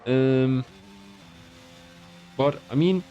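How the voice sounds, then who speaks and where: A man's voice: mid-range voice, extremely slow, dark tone, dull audio, a little hiss or hum. A young man from Belgium, giving chatty live-stream commentary on an online racing league and talking to his chat between calls.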